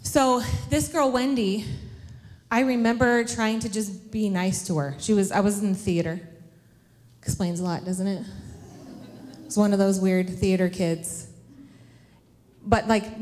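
A chatty woman in her thirties, speaking to a church class at an even middle pitch. She jokes about herself and keeps asking the room questions. Her voice carries a long reverb from a large hall. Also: measured pace. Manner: chatty, humorous, self-deprecating, asks the audience questions. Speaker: women's class teacher. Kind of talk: casual storytelling talk to a church class. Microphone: handheld microphone.

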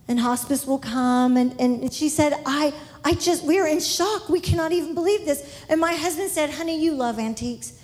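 High-voiced animated woman preaching. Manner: animated, laughing often, rising high when excited. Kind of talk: sermon storytelling.

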